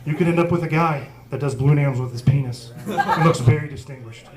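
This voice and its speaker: On a small pub stage, a man in his forties with a rather high voice tells a crude, self-deprecating tale at a fairly quick clip during his stand-up set. Lively crowd noise and laughter come through clearly.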